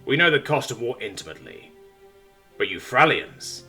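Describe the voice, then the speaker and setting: A man's voice: mid-range voice, big pitch swings, moderate pace, sharp tone, soft background music. A man voicing a weary male human ambassador who speaks firmly and sarcastically. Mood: grave. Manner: sarcastic, firm.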